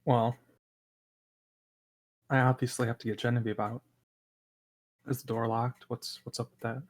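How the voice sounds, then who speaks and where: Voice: medium pitch, little pitch movement, measured pace. A player in a tabletop game, speaking matter-of-factly. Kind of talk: casual tabletop play.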